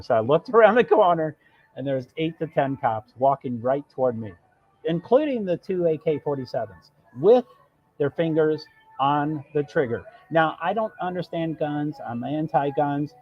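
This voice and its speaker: A man tells a winding story on his live stream, cutting himself off and slipping into quoted lines. His voice is husky and sits a little high. The stream audio is dull and lo-fi, with faint music underneath. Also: animated, moderate pace. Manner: rambling, self-interrupting, quotes others. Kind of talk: casual storytelling.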